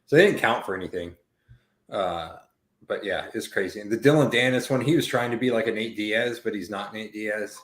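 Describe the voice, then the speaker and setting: A man's voice: lowish voice, a little fast, fairly bright tone. Casual, rambling man in an echoey room. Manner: rambling, swears freely, many fillers. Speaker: podcast co-host. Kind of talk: casual chat.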